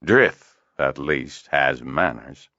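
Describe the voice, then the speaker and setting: A man's voice: a bass voice, takes it slowly, sharp tone, no room sound, muffled recording, full character voice. A man voicing a tired, dry healer. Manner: tired, terse, matter-of-fact. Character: weary, dry-humored male healer. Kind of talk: audiobook character voice.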